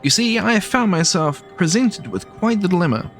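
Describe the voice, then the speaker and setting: A man's voice: sits high, animated, normal speed, fairly bright tone, faint music behind, pitched above the performer's own voice. A man voicing an anxious, flustered older female village mayor in a game, fretful and stammering.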